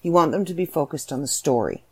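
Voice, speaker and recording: Chatty low-voiced Canadian woman. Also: fast, husky. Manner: chatty, animated storytelling with voiced asides. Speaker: podcast host and author. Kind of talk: casual solo podcast monologue.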